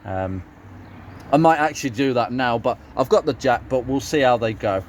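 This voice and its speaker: A man's voice: mid-range voice, moderate pace, noisy background. A man with a Brummie accent chatting casually as he works on a car for his channel, rambling with plenty of fillers and restarts. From West Midlands, England. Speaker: car restoration YouTuber.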